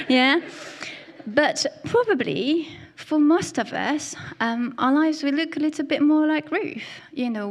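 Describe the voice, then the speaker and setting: A woman with a French accent giving a conversational sermon, often checking in with the listeners. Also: on the high side. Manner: conversational, often tags "yeah?". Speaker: preacher.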